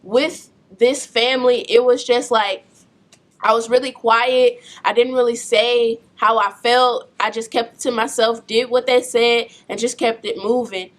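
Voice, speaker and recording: Young woman vlogging about her family, kinda high voice, quiet and low-key. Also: steady tone, measured pace. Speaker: storyteller. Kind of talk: personal story vlog.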